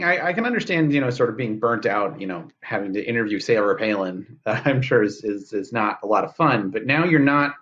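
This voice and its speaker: A male host asks hesitant, rambling questions on an improv comedy show, padding them with fillers. His voice sits at a middle pitch and comes through a dull, lo-fi video call line. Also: a bit bright.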